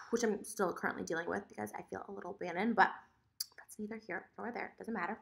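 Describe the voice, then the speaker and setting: A young woman vlogging at home, telling her side of a story in a fast, animated, sassy rant. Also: mid-range voice, vocal fry. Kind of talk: casual vlog monologue.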